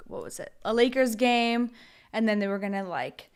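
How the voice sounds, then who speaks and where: A woman from Oregon, a podcast guest telling her stories in a lively, profane way, with "like" in nearly every sentence. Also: on the high side, normal speed, clear, resonant tone. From Oregon, USA. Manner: animated, profane, heavy use of "like". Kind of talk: casual storytelling.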